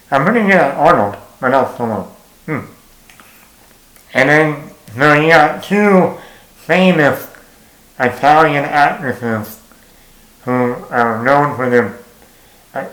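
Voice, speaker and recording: A man's voice: medium pitch, fairly bright tone. Rambling man reviewing movies in an echoey room. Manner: rambling, joking, full of fillers. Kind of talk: casual movie review talk. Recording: roomy echo.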